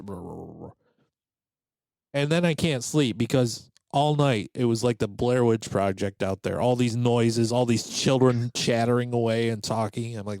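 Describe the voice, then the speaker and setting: A man's voice: mid-range voice, moderate pace, no room sound. A man casually telling a story on a podcast, acting out the voices of the people in it. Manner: animated, acts out quoted voices. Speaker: podcast host.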